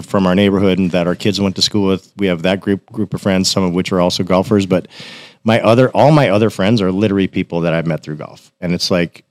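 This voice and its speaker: A man's voice: low voice, no room sound. A man telling casual stories as a podcast guest, acting out what others said in a raised voice. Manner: animated, acts out quotes in a raised voice. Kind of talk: casual storytelling.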